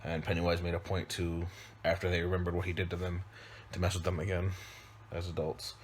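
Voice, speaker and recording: A man, a father, casually recapping a film, loose and rambling, with frequent pauses and restarts. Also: sits low, completely flat delivery, a little hiss or hum. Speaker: movie reviewer. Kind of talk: casual spoken movie recap.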